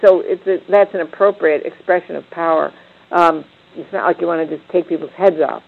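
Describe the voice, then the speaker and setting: A woman's voice: lowish voice, fairly even intonation, a little fast, vocal fry. An older woman leading a reflective panel talk, meandering with frequent restarts and fillers. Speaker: discussion leader. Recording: tinny phone-like line.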